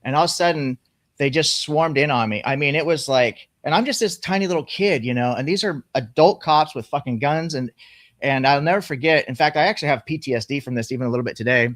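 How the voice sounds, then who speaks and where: A man telling a personal story in casual, profane conversation, animated as he goes. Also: a little high, quick pace, no room sound, studio quality.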